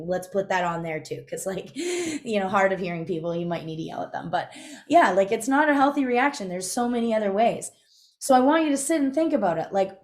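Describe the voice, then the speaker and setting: A young adult woman teaching a live online class in a chatty, conversational way, often checking in with her listeners. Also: mid-range voice. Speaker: instructor. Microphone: video call.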